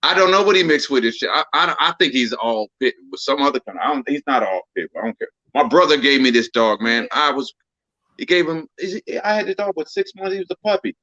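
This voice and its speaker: A man telling stories in a casual chat, loud and laughing, often mimicking other people. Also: mid-range voice, lively intonation, fast talker, muffled recording. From Texas. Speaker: co-host.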